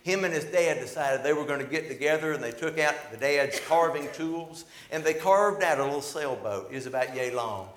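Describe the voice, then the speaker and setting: A man preaching a sermon as pastor, telling a story and swelling loud, then dropping soft. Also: fairly high pitch, brisk, hardly any pauses, slight background noise. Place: church sanctuary. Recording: echoey church hall.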